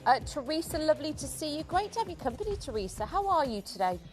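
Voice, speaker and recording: A woman fronts a live shopping broadcast, talking fast and friendly and poking fun at herself. Her voice sits a touch high and sounds thick and congested from hay fever, and soft music plays under her. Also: big pitch swings. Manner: chatty, self-mocking sales patter. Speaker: shopping channel host. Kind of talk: live TV sales presentation.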